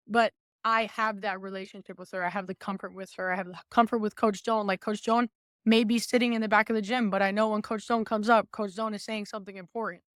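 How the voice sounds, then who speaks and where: A young woman, a former college volleyball player, talking as a podcast guest in an outgoing, animated way, acting out quoted remarks. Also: medium pitch, no room sound, clean studio sound. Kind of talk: casual podcast conversation.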